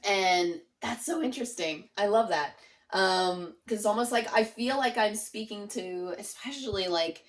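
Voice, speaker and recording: A woman's voice: medium pitch, normal speed. A woman giving a casual spoken tarot reading to her viewers, earnest and chatty, leaning on "like" and "it's almost like". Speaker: tarot reader.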